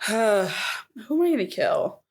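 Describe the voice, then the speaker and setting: A woman's voice: medium pitch, big pitch swings, slow. A woman co-hosting a podcast, talking frankly and crudely with lots of fillers. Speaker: podcast co-host. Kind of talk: casual chat.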